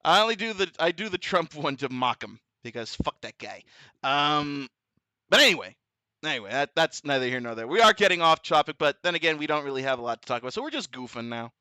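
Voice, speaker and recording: A man rambles through a goofy, profane stream chat, his voice hoarse from a sore throat. He talks high and bright, swinging up and down a lot, in a dry, close recording. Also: sing-song, fast talker, no room sound. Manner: goofy, profane, laughs often. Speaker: vtuber host. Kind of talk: casual chat.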